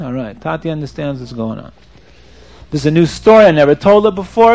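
Male storyteller for children, animated, slightly high voice with a gravelly rasp. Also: brisk. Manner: animated, quizzes the listeners.

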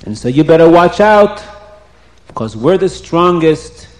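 A man's voice: on the high side, lively intonation, unhurried, darkish tone. Bragging male head of state, put on by a male narrator, threatening, echoey room. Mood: boastful. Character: bragging male world leader, self-important. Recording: roomy echo.

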